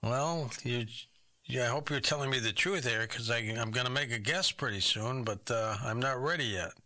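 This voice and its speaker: Bright-voiced man hosting a guessing game. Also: mid-range voice, normal speed. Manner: curious, probing questions with puzzled reactions. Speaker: game show host. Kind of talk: comic radio game show hosting.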